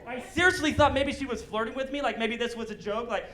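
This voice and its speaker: A man doing a stand-up comedy set on stage, animated and breaking into shouted punchlines. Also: extremely high pitch, fast. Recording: live show with audience laughter. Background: crowd laughing.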